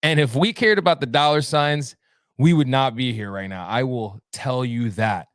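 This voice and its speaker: A man's voice: medium pitch, normal speed, a bit bright, no room sound, clean studio sound. A man hosting a live show alone, chatting casually and reading out viewer comments in a rambling, friendly way. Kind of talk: casual livestream chat.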